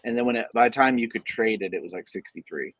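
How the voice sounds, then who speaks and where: A man's voice: fairly low pitch, fast talker, a bit bright, no echo. A man hosting a trading talk show in casual chat, joking and often restarting his sentences. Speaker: show host.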